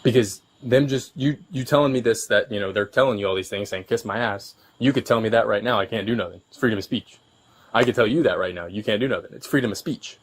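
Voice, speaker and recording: Low-voiced police officer calmly explaining. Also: male voice. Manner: patient, explanatory, halting restarts. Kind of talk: bodycam conversation with resident. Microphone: his own bodycam.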